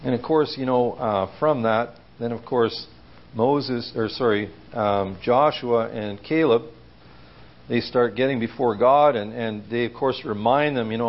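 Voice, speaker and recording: Gravelly man giving a chatty sermon. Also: medium pitch, a little slow, muffled recording. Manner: conversational, asks the listeners questions. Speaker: preacher. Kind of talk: informal sermon. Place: church.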